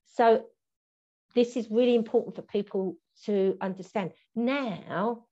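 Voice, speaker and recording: A woman co-hosting a podcast who speaks at a mid pitch. She explains things calmly and reflectively. The sound is muffled. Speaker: podcast co-host. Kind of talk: reflective conversation.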